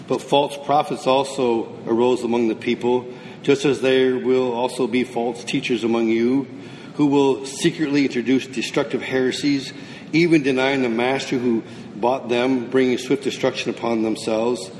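A man's voice: steady tone, normal speed, darkish tone. A man preaching a sermon, asking questions and answering them himself. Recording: roomy hall with long echo, faint rumble.

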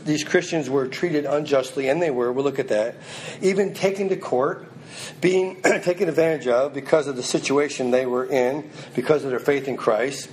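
A man's voice: on the high side, normal speed, darkish tone, a little hiss or hum, rough recording. A man preaching a sermon, reading scripture aloud and then pressing it on his listeners in an earnest, emphatic way.

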